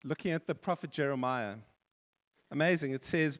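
A male pastor preaching a sermon in a church hall, telling a story with animated repetition. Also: a little high, normal speed. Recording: long reverb of a church hall.

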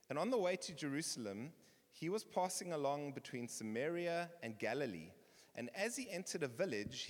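A man's voice: on the high side, fairly bright tone. A man preaching a sermon, reading scripture aloud and talking it through in a conversational way. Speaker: pastor. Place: church. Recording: long reverb of a church hall.

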